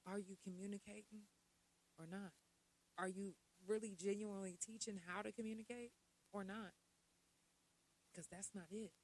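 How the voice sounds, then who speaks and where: A woman's voice: medium pitch, fairly even intonation, normal speed, pauses often, a little mellow, low-quality recording. A middle-aged woman talks straight to her podcast audience in a loose, conversational way. She poses rhetorical questions and adds asides as she goes. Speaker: podcast host. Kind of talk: casual podcast monologue.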